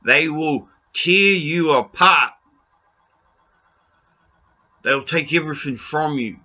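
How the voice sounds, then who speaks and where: A man's voice: fairly high pitch, measured pace, sharp tone, highs cut off. A New Zealand man in an impassioned rant to camera, blunt and pleading, raising his voice and swearing freely. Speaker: video blogger.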